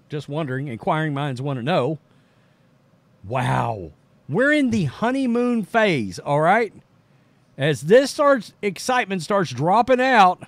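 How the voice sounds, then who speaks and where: A man's voice: sits high, no room sound. A man from Texas hosting a political commentary show, talking casually with sarcastic, mocking asides.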